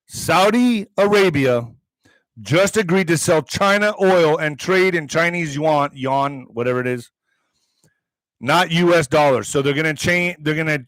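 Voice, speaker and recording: A man's voice: fairly high pitch, fairly bright tone, dry recording. A man hosting a political commentary stream, reading headlines aloud and breaking into heated, profane, sarcastic asides. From Mexican heritage.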